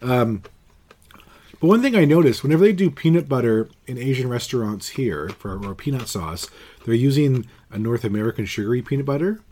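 A man's voice: mid-range voice, expressive, brisk, dark tone. A middle-aged man hosting a podcast, chatting casually in a jokey, rambling way. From Canada. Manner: jokey, rambling, laughs easily. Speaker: podcast host. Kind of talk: casual chat.

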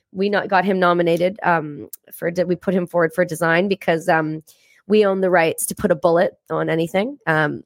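A woman's voice: lowish voice, vocal fry, no echo, clean studio sound. Blunt, profane woman telling stories. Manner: blunt, profane, energetic storytelling. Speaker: podcast guest. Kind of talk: casual interview chat.

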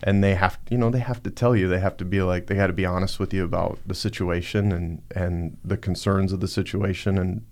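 Low-voiced man telling a personal story. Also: steady tone, darkish tone. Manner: halting, reflective, many fillers. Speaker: podcast guest. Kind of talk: casual storytelling.

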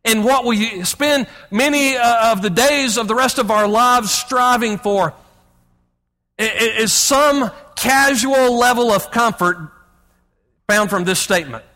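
A man's voice: very high-pitched, unhurried, pushed and bright. A pastor preaching a sermon emphatically, often restarting his words. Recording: long hall reverb.

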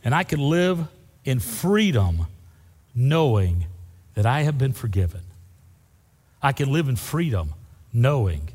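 A man's voice: mid-range voice, slightly rough. Fervent older male pastor in a reverberant hall. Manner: fervent, swings from loud to soft. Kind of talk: sermon.

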